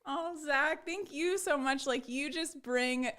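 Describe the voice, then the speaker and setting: A woman's voice: high voice, takes it slowly, a bit bright. A woman hosting a live online show, effusive and gushing, with many fillers. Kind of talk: casual live-stream chat.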